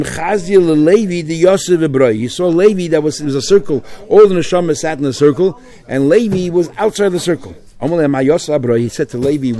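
A man leads a Talmud class at a brisk clip. He reads each phrase in the original, then talks it through in English. His voice has a dark, mellow tone. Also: a little high. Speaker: Talmud teacher. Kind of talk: Talmud class, reading Aramaic and translating.

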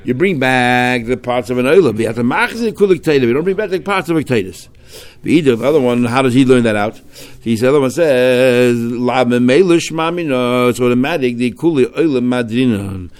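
A man's voice: mid-range voice, animated, moderate pace. A man teaching a religious text passage, mixing Hebrew and Aramaic study terms into English and asking himself questions before answering them. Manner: asks himself questions and answers them, rising sharply on key points. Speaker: Talmud teacher.

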